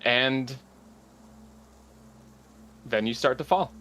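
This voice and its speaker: Bright-voiced man narrating as game master. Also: medium pitch, very slow, slight background noise. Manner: relaxed, chatty narration with fillers.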